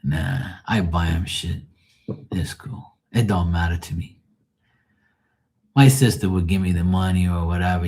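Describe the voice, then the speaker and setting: A man's voice: deep voice, fairly even intonation, moderate pace, a little mellow. A man hosting a live tarot stream, telling rambling family stories full of swearing and laughing asides. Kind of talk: casual storytelling livestream.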